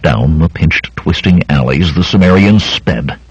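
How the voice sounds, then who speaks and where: A man reading an adventure novel aloud as an audiobook narrator, with a dramatic, expressive delivery. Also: unhurried, breathy edge, dry recording, muffled recording. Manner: dramatic, expressive reading with wide pitch swings.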